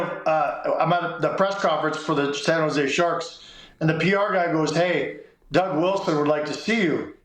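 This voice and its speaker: A man's voice: fairly high pitch, roomy sound, poor audio. A middle-aged man, a sports columnist, casually telling a long story and acting out what people said. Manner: animated anecdote telling, acts out quotes.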